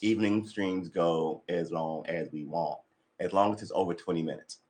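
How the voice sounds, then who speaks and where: A man's voice: low-pitched, moderate pace, a little mellow. A man chatting casually and rambling on his morning livestream, tired and a bit cranky, with lots of sighs and restarts. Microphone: desk mic being adjusted.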